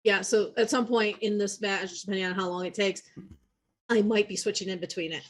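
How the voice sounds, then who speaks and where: A woman's voice: mid-range voice, fairly even intonation. A woman playing in a tabletop game, chatting casually and playfully. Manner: playful, quick to laugh. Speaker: player.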